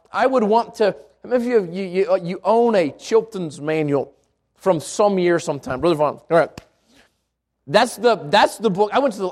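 A man with a noticeably high voice leads an informal Bible lesson in church. He talks conversationally, stumbles and restarts words, and keeps checking in with the room by asking "right?". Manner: conversational, repeats himself and asks the room "right?". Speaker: preacher teaching a Bible class.

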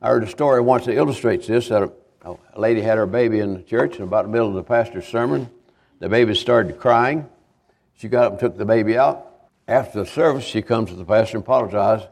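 An older man, a visiting evangelist giving a homespun sermon testimony, halting and repeating himself as he tells his stories. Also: fairly low pitch, darkish tone. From Kentucky, USA. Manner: halting, repetitive, homespun storytelling.

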